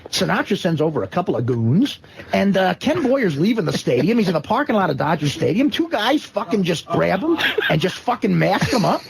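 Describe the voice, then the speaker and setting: A man's voice: high-pitched, big pitch swings, a little fast, creaky. A man telling a crude story on a radio show, swearing constantly and acting out the quotes. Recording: noisy clip.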